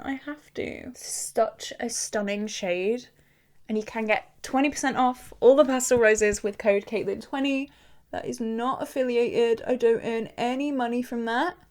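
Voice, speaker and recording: A young woman in her twenties talking casually to camera while doing her makeup, frank and chatty with lots of "like" fillers. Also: a little high. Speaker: beauty vlogger.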